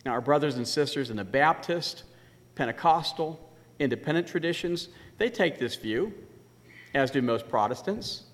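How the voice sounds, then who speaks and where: Animated male preacher in a reverberant church. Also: medium pitch. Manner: animated, emphatic preaching with slowed stressed words. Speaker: pastor. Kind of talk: sermon.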